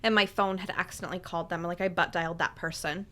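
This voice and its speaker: Wry bright-voiced woman telling stories. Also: lowish voice, steady tone, quick pace. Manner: wry, jokey, drops to a quiet confiding tone. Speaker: podcast co-host. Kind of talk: casual chat.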